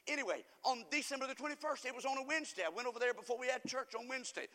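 A man preaching a folksy sermon to his congregation, rambling through stories and swinging from soft asides to loud emphasis. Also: very high-pitched, rapid-fire. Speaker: pastor. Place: church sanctuary. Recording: reverberant church hall.

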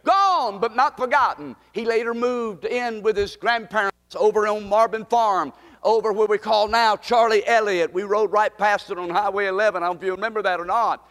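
A man's voice: sits high, steady tone, brisk, a bit bright, big-room sound. A man preaching a sermon as pastor, impassioned and repeating key phrases for emphasis.

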